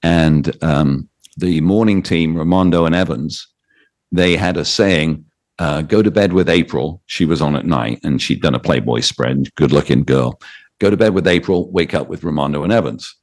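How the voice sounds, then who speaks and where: Deep-voiced British man telling radio stories. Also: moderate pace. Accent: British English. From Britain. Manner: animated anecdotes with quoted voices. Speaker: radio DJ and author guest. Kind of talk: storytelling interview.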